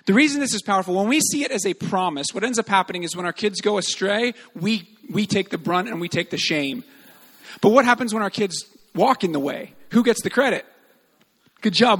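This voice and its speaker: A man giving an earnest, animated sermon-style talk on parenting, telling stories with many fillers. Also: high voice, big-room sound. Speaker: speaker on parenting.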